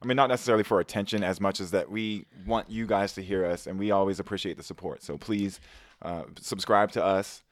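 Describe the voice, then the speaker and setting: A man's voice: sits low, steady tone, brisk, no room sound, studio quality. A man in his thirties co-hosting a podcast in casual chat, joking and laid-back. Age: 30s. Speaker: podcast co-host.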